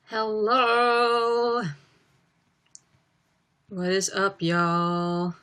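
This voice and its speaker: A woman's voice: mid-range voice, extremely slow, a bit bright, clean tone. A young woman chatting casually on a livestream, reading viewer comments aloud with plenty of ums. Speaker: livestreaming singer.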